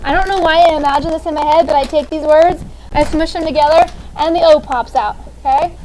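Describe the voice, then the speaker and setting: A woman's voice: sits high, fairly even intonation, a little fast, a little mellow, a little hiss or hum, poor audio. A woman in her thirties teaching a classroom grammar lesson, upbeat and often checking in with "okay?". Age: 30s.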